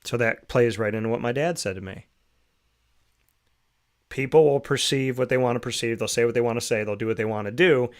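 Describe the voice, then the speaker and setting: A man's voice: mid-range voice, fairly quick. A male show host talks through a motivational monologue in a mid-range voice. He is reflective and keeps drawing the listener in with rhetorical questions.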